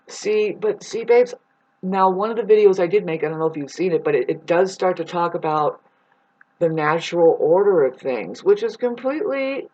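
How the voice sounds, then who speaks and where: Female vlogger, loose rambling delivery, casual swearing, pet name for viewers, muffled lo-fi recording. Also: medium pitch. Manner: rambling, swears, calls listeners "babes". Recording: dull lo-fi recording.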